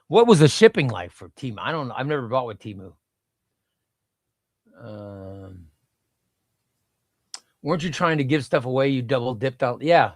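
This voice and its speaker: A man's voice: medium pitch, very animated, normal speed, long pauses, no echo, studio quality. A middle-aged man hosting a casual comic book livestream, rambling and reading chat aloud.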